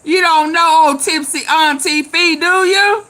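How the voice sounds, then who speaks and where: Tipsy laughing woman, bright voice. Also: very high-pitched, a little hiss or hum. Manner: loud, laughing, swearing, calls viewers out by name. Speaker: live stream host. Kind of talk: casual live chat with viewers.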